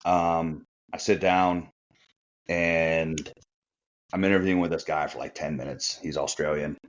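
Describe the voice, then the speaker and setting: A man's voice: a bass voice, steady tone, measured pace. A middle-aged man, a retired Marine officer, telling an anecdote in a chatty way on a podcast. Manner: chatty anecdotal delivery with fillers. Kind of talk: casual storytelling. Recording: muffled lo-fi audio.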